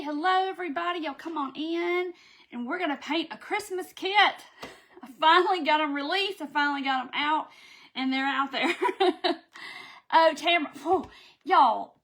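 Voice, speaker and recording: A woman's voice: high voice, a bit bright. A woman hosting a casual craft live stream, chatting, greeting viewers by name and laughing often. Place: home craft room.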